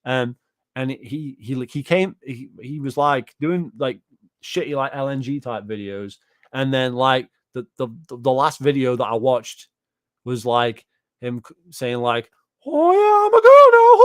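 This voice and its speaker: A man rants on a livestream, rambling and swearing as he reacts to chat with disbelief. His voice sits at an ordinary middle pitch, and the sound is close and dry, with no room around it. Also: no echo. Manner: profane, rambling, incredulous. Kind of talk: casual ranting livestream commentary.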